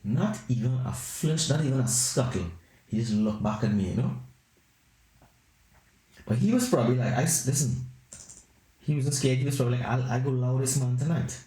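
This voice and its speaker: A man hosting a podcast who tells rambling, animated comic anecdotes. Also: medium pitch, moderate pace, long pauses. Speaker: podcast host. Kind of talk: comedic storytelling. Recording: roomy echo.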